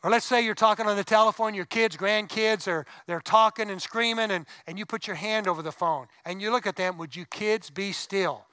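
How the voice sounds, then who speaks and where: A man's voice: high voice, brisk, hardly any pauses, pushed and bright, clean tone, no room sound, rough recording. A middle-aged man preaching a sermon as pastor, conversational, with asides and rising emphasis. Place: church sanctuary.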